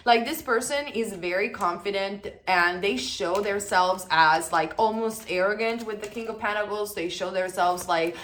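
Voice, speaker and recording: A woman giving a pick-a-card tarot reading, sure of herself and chatty. She hammers points home by repeating them and slows right down when she reads out the card messages. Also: medium pitch, a bit bright. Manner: emphatic, self-assured and chatty, repeats lines for stress. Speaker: tarot reader.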